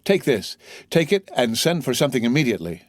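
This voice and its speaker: An earnest young sailor and devoted son, played by a man reading aloud, raised a little above the reader's normal voice. He speaks with open feeling and a wide, animated pitch in this audiobook, recorded with a dry, close sound. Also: fairly quick, dry recording. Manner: earnest and emotional.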